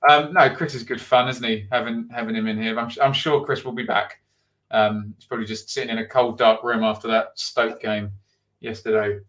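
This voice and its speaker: A man's voice: medium pitch, fairly bright tone. A middle-aged man hosting a live football stream, reading out viewer comments and thinking aloud with frequent ums. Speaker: football channel host.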